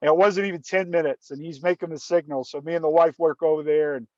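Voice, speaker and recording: A man's voice: on the high side, steady tone, quick pace, a little mellow, dry recording, muffled recording. A man telling a story in casual conversation, often restarting and repeating words. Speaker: guest storyteller.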